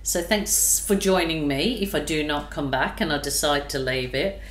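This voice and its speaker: A woman painter from Australia, gushing with exclamations as she chats casually to her viewers while painting. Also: low-pitched. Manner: gushing, exclamatory, drawn-out delight. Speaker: fluid art painter. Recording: echoey room.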